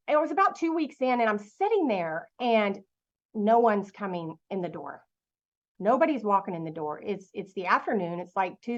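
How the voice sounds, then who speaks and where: A middle-aged woman giving a motivational talk to an online audience, telling a lively story and asking her listeners questions. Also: medium pitch, highs cut off. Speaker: guest speaker.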